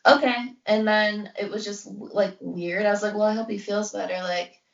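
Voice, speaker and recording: A woman's voice: mid-range voice, fairly even intonation, normal speed, vocal fry. A young woman co-hosting a podcast, rambling through a personal story in casual chat, saying "like" constantly and acting out what others said. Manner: rambling, heavy use of "like", acts out quotes. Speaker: podcast co-host. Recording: roomy, distant, dull lo-fi sound.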